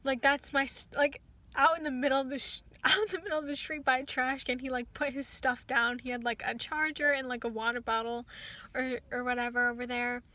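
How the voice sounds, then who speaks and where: A woman's voice: sits high, fairly quick. A young woman telling a story about a rideshare passenger in a casual, rambling way, full of "like" and restarts. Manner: rambling, many "like"s and restarts, quotes others in lively bursts.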